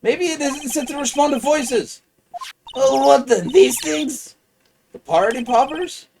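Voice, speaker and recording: A man's voice: very high voice, a little slow, vocal fry, darkish tone, slight background noise, pitched above the performer's own voice, exaggerated voice. A man voicing a cheerful, curious young female sidekick in a raised, chirpy voice while reading game dialogue. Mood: eager.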